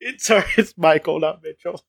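A man with a fairly high voice reads a gamebook aloud, breaking off for wry asides and chuckles. His voice sounds close and dry, with little room sound. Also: brisk, gravelly, a bit bright, husky, no echo. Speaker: podcast co-host reading a gamebook aloud. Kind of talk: casual chat and read-aloud narration.

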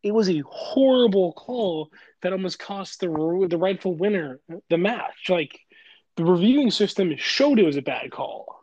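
A man's voice: high-pitched, expressive, moderate pace, a little mellow, dry recording, highs cut off. A young man co-hosting a casual podcast, heated and given to profane rants. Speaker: podcast co-host.

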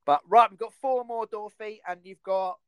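Enthusiastic male host, quick to laugh; lightly higher pitch, close and dry. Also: fairly bright tone, smooth, dry recording. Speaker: podcast host. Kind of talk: casual chat.

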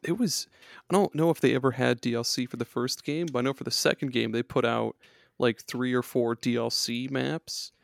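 A man in a casual podcast chat about games, talking loosely and excitably with plenty of swearing. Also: mid-range voice, moderate pace, vocal fry, no room sound, studio quality. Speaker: podcast co-host or guest.

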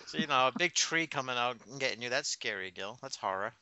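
Bright, teasing man in a movie riff. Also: medium pitch, expressive, fast, clean tone, no room sound. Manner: teasing, needling the others. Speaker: commentator riffing on a film. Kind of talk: casual group movie commentary. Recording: lo-fi podcast audio.

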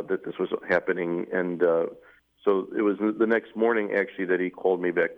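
A deep, low-pitched man speaks over a narrow, phone-like radio line. He tells his story slowly and haltingly, pausing on fillers and restarting sentences as he remembers details. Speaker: newly appointed bishop, guest. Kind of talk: interview conversation, recounting memories.

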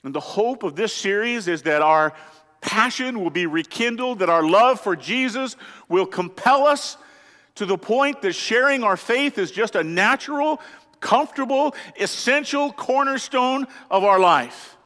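A man's voice: sits high, expressive, a little slow, bright, forceful tone. A man preaching a sermon as pastor, earnest and emphatic, asking the congregation rhetorical questions. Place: church sanctuary. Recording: church hall with long reverb.

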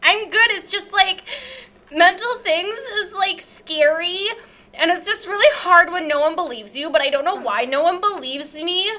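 A woman's voice: extremely high pitch, moderate pace, pushed and bright, pitched above the performer's own voice. A woman doing a whiny self-pitying influencer. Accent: put-on Southern drawl. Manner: whiny, self-pitying, filler-heavy "like, you guys". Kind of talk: improvised comedy sketch.

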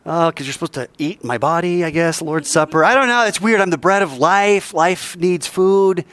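A male teacher giving an animated classroom lecture, quizzing the class and joking as he goes. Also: fairly high pitch, moderate pace, no room sound.

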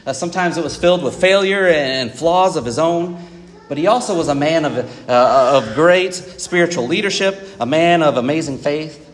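A man's voice: fairly high pitch, animated, moderate pace, in a large hall, a little hiss or hum. A man preaching a Sunday sermon in a church, talking conversationally to the congregation with frequent fillers and asides. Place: church auditorium.

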